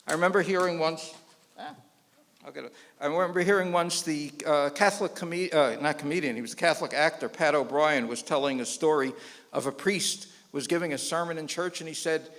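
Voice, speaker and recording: Male rabbi lecturer, lively joke-teller doing quoted voices, slightly high voice, long hall reverb. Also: brisk. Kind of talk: public lecture telling jokes. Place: lecture hall before an audience.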